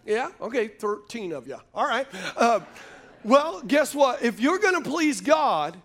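This male pastor's voice is very high, sing-song, unhurried and a bit bright. Preaching before a live congregation in a church sanctuary, he tosses in jokes between points and calls on the crowd to respond.

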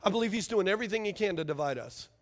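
A man's voice: sits high, lively intonation, very fast. A man preaching a sermon as pastor, emphatic and fiery, firing rhetorical questions at his congregation.

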